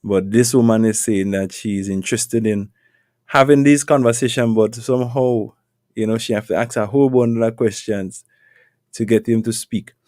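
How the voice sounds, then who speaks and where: A man's voice: fairly low pitch, fairly even intonation, moderate pace, mellow, no room sound, studio quality. A man hosting a casual advice talk, repeating words and firing off rhetorical questions in a preachy way. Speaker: podcast host.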